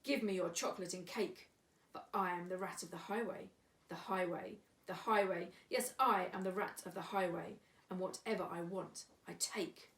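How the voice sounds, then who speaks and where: A woman reading aloud, voicing a greedy, bullying male rat highwayman who chants his loud demands. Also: steady tone, moderate pace, far from the mic, close to an everyday voice. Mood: bossy. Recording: echoey room, away from mic.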